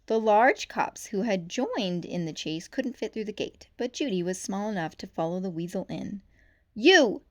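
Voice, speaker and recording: A woman's voice: medium pitch, moderate pace, hardly any pauses. Woman reading a children's book aloud. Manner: lively expressive narration. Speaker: storytime reader.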